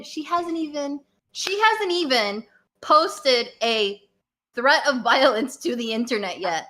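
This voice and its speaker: A woman co-hosting a casual podcast, talking bluntly and mockingly. Her voice sits a little high and rings bright and forceful. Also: slow. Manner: blunt, mocking, animated storytelling. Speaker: podcast co-host.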